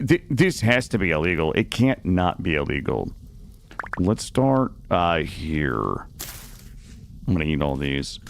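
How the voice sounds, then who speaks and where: A man streaming a game live, talking to his chat in a loose, joking, foul-mouthed ramble. His pitch swings up and down constantly with playful energy, recorded close on a studio microphone. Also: fairly bright tone, a little hiss or hum. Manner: jokey, profane, chatty, talking to chat. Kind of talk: casual live gameplay commentary. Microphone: studio dynamic mic.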